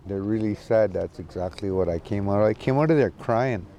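A man giving a casual, halting spoken report from an outdoor camp, with many restarts. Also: lowish voice, mellow, a little hiss or hum. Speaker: community advocate calling in from a camp. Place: outdoor encampment.

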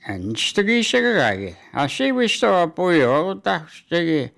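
A man giving community announcements and hockey news, speaking haltingly with many fillers and restarts. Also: on the high side, sing-song, gravelly, a bit bright.

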